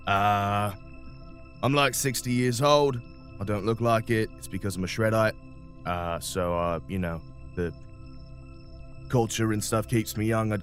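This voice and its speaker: A man's voice: fairly low pitch, natural voice. Aloof cool-guy crewman, played by a man, curt, offhand, dismissive.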